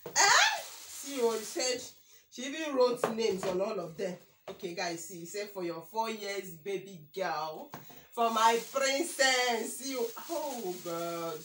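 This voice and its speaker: A woman's voice: mid-range voice, big pitch swings, slow pace, echoey room, a little hiss or hum. A woman in her thirties with a Nigerian accent, chatting emotionally through an unboxing vlog, exclaiming, repeating herself and praying aloud. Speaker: vlogger. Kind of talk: excited unboxing chat with prayers.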